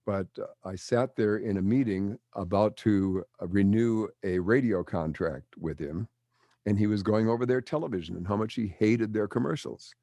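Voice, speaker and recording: Older man, veteran broadcaster; deep voice, dry sound, lively storyteller. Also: moderate pace, no room sound. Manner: animated storyteller acting out quotes. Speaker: guest, broadcaster. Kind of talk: storytelling interview.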